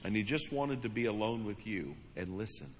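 A man's voice: fairly low pitch, sing-song, moderate pace. A man preaching as a pastor, praying and then speaking earnestly and personally to his congregation, often restarting his phrases. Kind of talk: sermon with prayer and altar call. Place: large church auditorium. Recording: long hall reverb, faint room noise.

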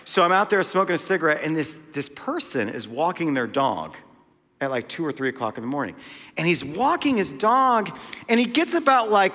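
A man with a fairly bright, high-sitting voice preaches a sermon in a church hall, telling a story in a conversational way with frequent casual asides. The recording carries a long hall reverb.

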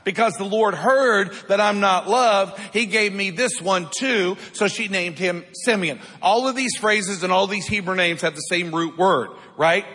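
Bright-voiced preacher in a reverberant church. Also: male voice, sits high, a little slow, few pauses, slightly rough. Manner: preaching with call-and-response. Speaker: pastor. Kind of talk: sermon. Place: church sanctuary. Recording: long hall reverb.

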